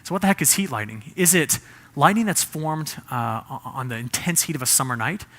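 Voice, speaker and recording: A man's voice: on the high side, lively intonation, a little fast, fairly bright tone, a little hiss or hum. A man giving a humorous presentation, quizzing the audience with shows of hands.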